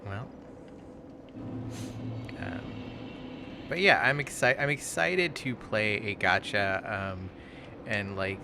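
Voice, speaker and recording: Rambling low-voiced man, noisy background. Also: slow pace, creaky, pauses often. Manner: rambling, many fillers and restarts, swears casually. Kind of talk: casual chat while playing a game.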